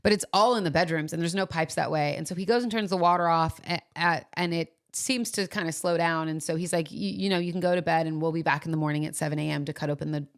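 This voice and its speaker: A woman's voice: quick pace, few pauses. A woman co-hosting a podcast, telling a story in casual chat and acting out what people said. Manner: animated retelling, acts out quoted lines in a higher voice. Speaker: podcast co-host.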